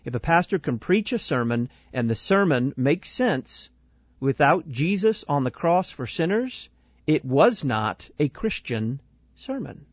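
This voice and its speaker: A male host giving measured, critical commentary on a sermon. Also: fairly high pitch, big pitch swings, dry recording, muffled recording. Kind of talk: analytical commentary.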